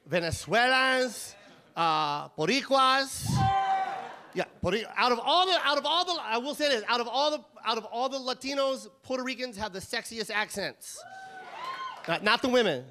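A man from Los Angeles doing an animated, profane stand-up set. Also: extremely high pitch, normal speed. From Los Angeles, USA. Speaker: stand-up comedian. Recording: comedy club mic with crowd noise.

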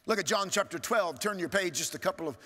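A male pastor preaching a sermon, swinging from strong rising appeals to hushed, low asides. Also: animated, fast talker. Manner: preaching with sweeping rises and hushed drops. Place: large church sanctuary. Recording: church hall reverb.

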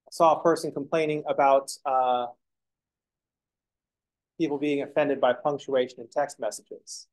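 A man's voice: medium pitch, steady tone, unhurried, long pauses, poor audio. A man teaching a calculus class, explaining steps and making joking asides to his students. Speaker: math lecturer. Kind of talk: classroom lecture.

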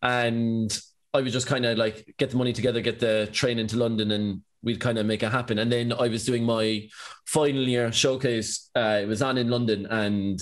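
A man's voice: mid-range voice, little pitch movement, normal speed. A man in his twenties with an Irish accent, a podcast guest telling a long rambling anecdote full of "like" and "you know what I mean". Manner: rambling, filler-heavy anecdotes with lots of "like". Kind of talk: casual storytelling chat.

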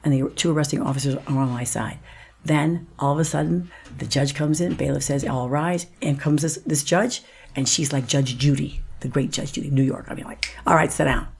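A woman's voice: sits low, brisk, vocal fry, a little mellow, breathy edge. A woman, a guest actress on a podcast, telling a personal story vividly, acting out the other voices and dropping to a whisper at times.

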